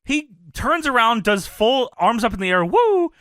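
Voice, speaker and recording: A man co-hosting a podcast, talking fast and loose, swearing freely and breaking into laughter. His voice sits high and bright, and his pitch jumps all over. The sound is dry and close to the mic. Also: no echo. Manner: profane, laughs often, animated retelling. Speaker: podcast co-host. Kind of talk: casual wrestling recap chat.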